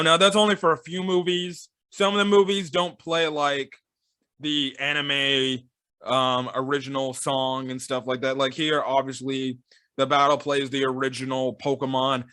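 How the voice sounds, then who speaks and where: A man's voice: medium pitch, bright, forceful tone, no room sound, clean studio sound. A man giving a casual, rambling film review, full of fillers and sarcastic asides.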